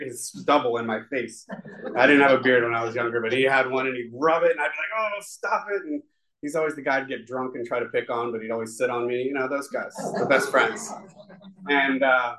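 A man's voice: medium pitch, pushed and bright, poor audio. A man telling his recovery story to a live audience in a room, rambling and heartfelt, with many restarts. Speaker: speaker sharing a recovery story. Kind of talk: personal testimony to a live audience.

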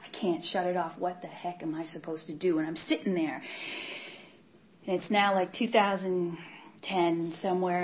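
Woman, personal testimony, emotional, somewhat low voice, acts out her inner voice, dull lo-fi sound. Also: slight background noise. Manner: drops to a whisper at times. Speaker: speaker sharing a recovery story.

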